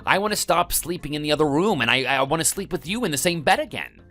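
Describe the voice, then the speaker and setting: A text-to-speech voice voicing a whiny, lazy young husband who blusters and then pleads in a text-message story. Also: male voice, a little high, lively intonation, fast talker, fairly bright tone, soft background music. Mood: pleading. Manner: whining, blustering.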